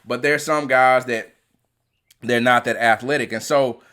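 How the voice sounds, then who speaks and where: A man, an athletic trainer and podcast host, giving an animated motivational talk and often restarting his phrases. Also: medium pitch, a little slow.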